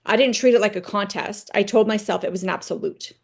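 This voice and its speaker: A woman runs a motivational team training in a quick, conversational manner, telling personal stories to make her points and tagging them with "right?" Her mid-range voice has vocal fry and sounds slightly rough.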